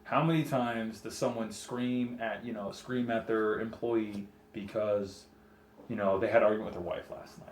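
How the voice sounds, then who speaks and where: A man's voice: on the low side, steady tone, normal speed. A young man talking candidly and animatedly in a casual podcast chat, laughing and swearing often. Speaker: podcast co-host. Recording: echoey room with faint noise.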